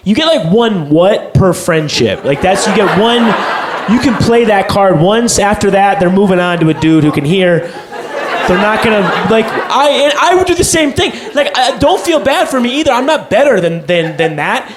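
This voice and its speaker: Young guy doing stand-up, kinda high voice, swears a lot, rambles, loud audience and noisy room behind him. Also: sing-song, normal speed. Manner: rambling, profane, self-deprecating. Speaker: stand-up comedian. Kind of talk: stand-up set. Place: comedy stage before a live audience. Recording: live club recording with loud crowd noise.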